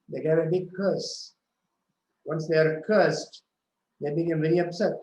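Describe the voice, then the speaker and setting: A man giving a devotional scripture talk, retelling a story slowly with frequent self-corrections. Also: fairly high pitch, steady tone, a little mellow, reverberant, slight background noise, low-quality recording. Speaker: scripture speaker.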